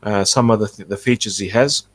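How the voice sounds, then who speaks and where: A man hosting an archaeology channel, talking through fossil features in a rambling, halting, self-correcting way. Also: on the low side, no echo. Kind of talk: casual explanatory commentary.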